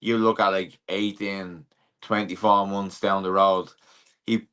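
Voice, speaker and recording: A young Irish man, a professional boxer, talking through a casual interview in a relaxed, plain-spoken way with plenty of fillers. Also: low-pitched, a little slow, smooth.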